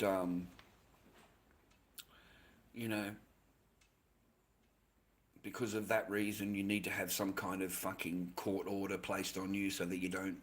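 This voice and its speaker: Aussie bloke livestreamer, rambling and foul-mouthed, lowish and punchy. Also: male voice, a bit bright. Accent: Australian. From Australia. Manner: rambling, swears constantly, says "mate" a lot. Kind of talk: casual livestream chat.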